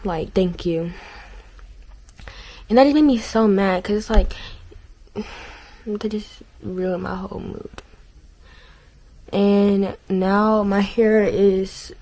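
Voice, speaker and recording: A woman's voice: medium pitch, slow, pauses often, dark tone, rough recording. A teenage girl vlogging at home in a casual, rambling way, full of fillers, sometimes venting. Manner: frustrated venting. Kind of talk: casual vlog chat. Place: home, bedroom and bathroom. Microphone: camera mic.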